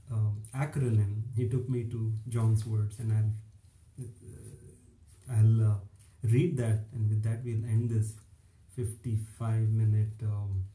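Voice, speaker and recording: A man's voice: medium pitch, dark tone, echoey room, poor audio. A man preaching an informal online sermon, emphatic and repetitive, with little chuckles between phrases.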